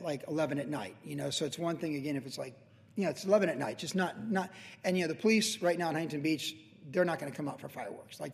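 Late-fifties male pastor, chatty, meandering storyteller, voice on the higher side, recorded with reverb in a big hall. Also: creaky, a little mellow. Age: late 50s. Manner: rambling, conversational, with many restarts and "like". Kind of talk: casual sermon storytelling.

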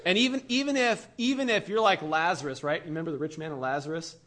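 A male preacher giving a casual, slangy sermon, animated and acting out characters as he goes. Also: a little high, fast talker.

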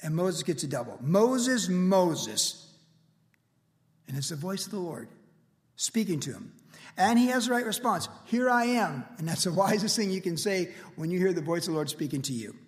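A man's voice: high-pitched, animated, fast, big-room sound. A man in his sixties preaching a verse-by-verse sermon as a pastor, telling stories in a casual way with lots of "like" and "you know". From United States. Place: church.

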